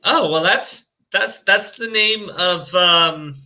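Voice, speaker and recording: A man's voice: high-pitched, slow, pushed and bright. A male streamer chatting casually and mockingly reading a fan story aloud, often laughing and stumbling over his words. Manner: laughing, crude, hesitant restarts.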